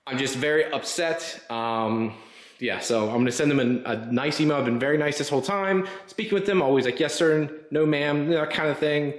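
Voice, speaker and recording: A man's voice: mid-range voice, a little fast. A man hosting a casual garage vlog, rambling and frustrated as he works on his car. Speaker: car builder and channel host. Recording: roomy garage echo.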